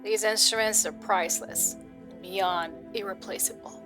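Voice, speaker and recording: A woman's voice: mid-range voice, fairly even intonation, measured pace, close to an everyday voice. A woman voicing a haughty old man with a Southern accent who guards a prized piano and lectures in a stern, refined way.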